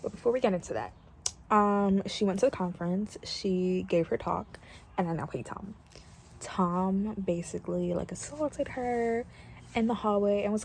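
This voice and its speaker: A young woman chats through a casual reading update, gushing and full of fillers. Her voice has a gravelly fry at the ends of phrases. The home recording is noisy, with a washing machine running behind her. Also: medium pitch, normal speed, a little mellow. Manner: chatty, gushing, lots of fillers. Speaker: book vlogger. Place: at home while doing laundry. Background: washing machine noise.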